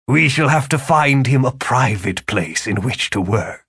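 A man's voice: medium pitch, animated, unhurried, a bit bright, husky, full character voice. A man voicing a courtly, theatrical con-man wizard in an audiobook, silkily persuasive. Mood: silky. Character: smooth-talking male con-man wizard.

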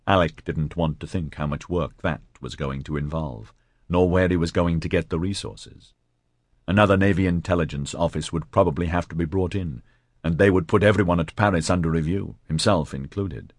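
Male narrator for an audiobook, very low voice, measured, dry close mic. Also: dry recording. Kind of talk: scripted narration.

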